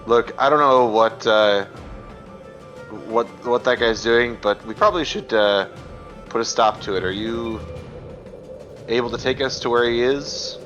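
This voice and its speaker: A man voicing a male adventurer who speaks to giants in a lowered, hesitant voice during a tabletop game. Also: measured pace, pauses often, a bit bright, faint music behind, lightly acted. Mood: earnest. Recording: dull lo-fi mic.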